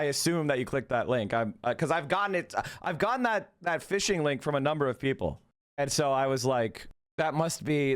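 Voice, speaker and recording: A man hosting a casual livestream, mocking and swearing as he reacts to chat. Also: a little high. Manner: profane, mocking, reads chat aloud. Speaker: livestream host. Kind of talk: casual political livestream commentary.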